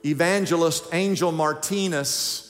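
Male pastor, high voice, emphatic sermon delivery, church hall reverb. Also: unhurried, fairly bright tone, faint music behind. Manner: emphatic preaching, rhetorical questions to congregation. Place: church sanctuary.

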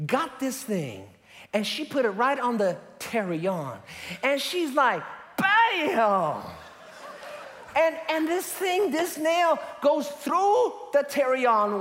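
A man preaching a sermon, telling the story with animated emphasis and bursts of laughter. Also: high-pitched, in a large hall.

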